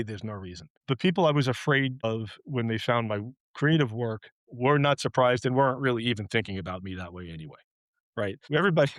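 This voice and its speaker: A man's voice: medium pitch, dry recording. A man with a Long Island accent, a guest in a reflective interview, speaking candidly and self-deprecatingly with frequent restarts. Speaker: guest, writer.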